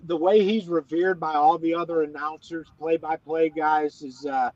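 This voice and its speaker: A man's voice: on the high side, steady tone, moderate pace, darkish tone, no echo. Man, from West Virginia, middle-aged, folksy rambling storyteller, dull dry lo-fi sound. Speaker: guest, former ballplayer. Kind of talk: casual interview chat.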